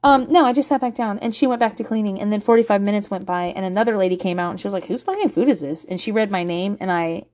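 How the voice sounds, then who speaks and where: A woman's voice: fast talker, few pauses, slight background noise. A woman, telling a candid, profane parenting story in a vlog monologue. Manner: profane, animated, swings to loud and high when laughing.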